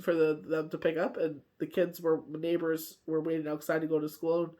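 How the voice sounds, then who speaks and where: A woman's voice: low-pitched, little pitch movement, a little fast, warm tone. A woman gives a casual daily tarot reading in a loose, rambling way, dropping "you know" and "like" into nearly every sentence. She laughs easily as she talks. Her voice sounds tired, as though she is worn out from coughing. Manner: laughs often while telling stories. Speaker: tarot card reader.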